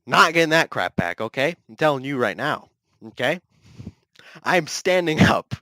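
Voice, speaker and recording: A young man hosting a solo podcast, ranting repetitively in mock heated outrage that keeps escalating into near yelling, close to the mic in a small dry room. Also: a little high, very animated, moderate pace, dry recording, rough recording. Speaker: podcast host. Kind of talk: solo comedic rant.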